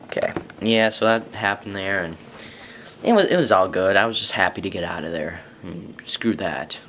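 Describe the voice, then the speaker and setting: A man's voice: deep voice, lively intonation, moderate pace, fairly bright tone, a little hiss or hum. A young man telling personal stories to camera in a rambling, casual way. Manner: rambling, lots of fillers and restarts. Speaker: vlogger.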